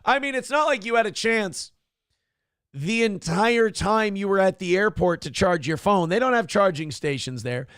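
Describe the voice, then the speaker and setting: Morning show host, male, mocking and profane, bright pitch with a dry close sound. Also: lively intonation, moderate pace, dry recording. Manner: sarcastic, crude, mocking impressions. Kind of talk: mocking commentary on a viral clip.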